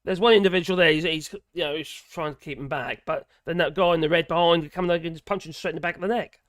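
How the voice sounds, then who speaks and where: A man's voice: on the high side, quick pace, fairly bright tone, no room sound. Sardonic man, dry close sound. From England. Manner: sardonic, rambling, with wry laughs. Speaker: livestream host. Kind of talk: casual livestream commentary.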